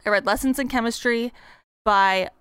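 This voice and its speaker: Young female co-host, chatty and upbeat, bright smooth voice, dry sound. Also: on the high side, dry recording. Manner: bubbly, chatty, quick laughs. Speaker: podcast co-host. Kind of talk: casual book chat.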